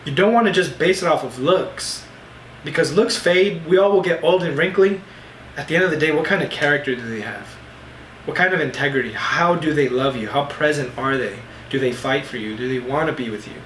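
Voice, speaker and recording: A man hosting a casual podcast, his voice sitting a bit higher than most men's. He sounds enthusiastic and eager, and his questions wander before they land. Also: a little fast, a bit bright, a little hiss or hum. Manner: enthusiastic, asks rambling questions. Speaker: podcast host. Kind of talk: casual interview chat.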